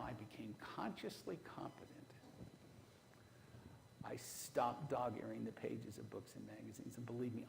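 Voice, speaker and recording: A man's voice: mid-range voice, gravelly, a little mellow, a little hiss or hum, poor audio. A man preaching a sermon, telling folksy stories from his own marriage and putting rhetorical questions to the congregation. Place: church.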